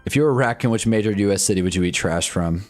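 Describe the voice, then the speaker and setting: A young man with a fairly low voice talks very fast as he hosts a live fan stream, reacting wryly and with exasperation to a football game before wandering into casual chat. His commentary is loose and rambling, with faint music in the background.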